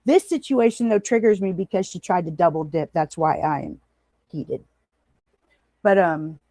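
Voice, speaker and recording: Heated woman venting on her livestream, cussing a lot, kinda high voice, dry close sound. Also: a little mellow, dry recording. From United States. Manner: angry, profane, confrontational, addresses viewers in chat. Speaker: livestream host.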